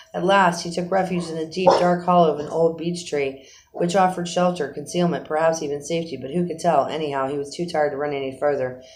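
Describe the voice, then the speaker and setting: A man narrating a children's animal story aloud in an expressive storytelling manner. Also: fairly high pitch, a little hiss or hum, low-quality recording. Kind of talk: storybook reading.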